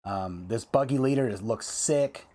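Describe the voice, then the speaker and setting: A man with a voice of everyday pitch, talking off the cuff to his viewers about trading cards. He rants with heat, circling back over the same words and dropping fillers as he goes. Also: a little slow, warm tone. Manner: heated, repetitive ranting with many fillers. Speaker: card game video host. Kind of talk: casual ranting vlog.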